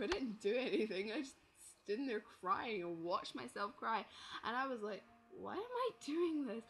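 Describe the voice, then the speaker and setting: Woman vlogger, casual talk-to-webcam review, rambling and chatty, music underneath. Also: medium pitch. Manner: rambling, chatty, self-deprecating. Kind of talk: casual movie review vlog.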